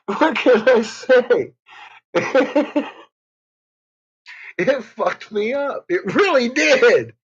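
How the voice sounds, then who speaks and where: Man, husky voice, swooping pitch, giggly and profane, dull lo-fi recording. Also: expressive, drawn-out words, pauses often. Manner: giggly, profane, keeps breaking into laughter. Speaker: podcast host. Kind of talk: casual chat.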